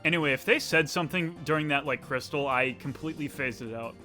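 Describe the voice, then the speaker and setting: A man's voice: fairly high pitch, fast, music in the background. A young man streaming a game, chatting casually and rambling as he plays. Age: young adult. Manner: chatty, rambling, often laughing. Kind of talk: casual let's-play chat.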